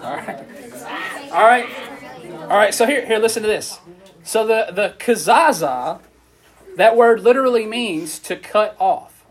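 A man's voice: high voice, a little slow, pauses often, a faint crowd. A man, preaching a casual sermon and asking the audience questions as he goes. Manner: conversational, asks the audience questions, animated. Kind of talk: casual sermon to a youth group.

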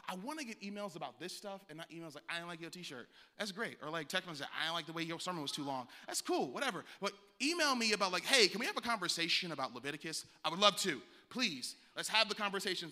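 Bright-voiced man preaching in a hall. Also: on the high side. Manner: conversational preaching, lively and plainspoken. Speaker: pastor. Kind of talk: sermon. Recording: long reverb of a church hall.

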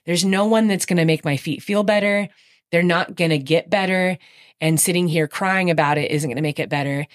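A woman in conversation, recounting an endurance race in a casual, animated storytelling manner with frequent fillers and quick emotional bursts. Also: fairly low pitch, no echo, clean studio sound. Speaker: podcast guest recounting her race.

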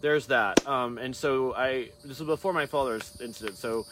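A man's voice: medium pitch, moderate pace, noisy background. A hairstylist man talking casually to his camera, rambling through a long story with many tangents and restarts.

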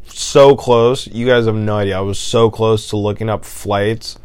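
A young man hosting a podcast, ranting casually and profanely, swinging between loud outbursts and low muttering. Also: steady tone, unhurried, clean tone, no room sound. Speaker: podcast host.

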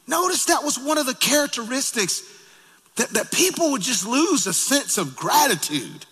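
Man, pastor, fiery sermon, bright tense tone, long hall echo. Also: extremely high pitch, very animated, normal speed, husky. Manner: calls out to congregation, rises to shouting. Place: church sanctuary.

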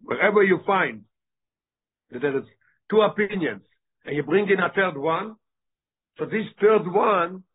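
A male teacher leading a text study class, reading passages rapidly and then explaining them with frequent rhetorical questions. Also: sits high, husky. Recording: tinny phone-like line.

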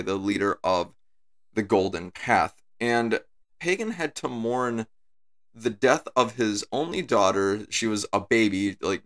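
Low-voiced man breaking down a villain. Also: a bit bright. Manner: talks things through, repeats his points. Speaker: video essay creator. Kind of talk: casual analytical commentary.

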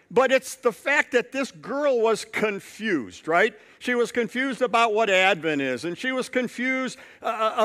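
A man's voice: high-pitched, a bit bright. A male pastor preaching a sermon, telling a story and building points through repetition.

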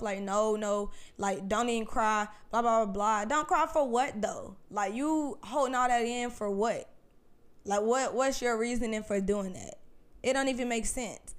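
A woman talking casually about her own views, slangy and conversational, with emphatic rhetorical questions and animated jumps in pitch when she stresses a point. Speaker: speaker sharing personal views. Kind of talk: casual personal monologue.

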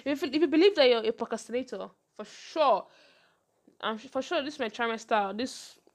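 Fast-talking young woman host. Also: fairly high pitch. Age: young adult. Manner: fast-talking, animated, laughs often. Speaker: podcast host. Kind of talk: casual advice chat.

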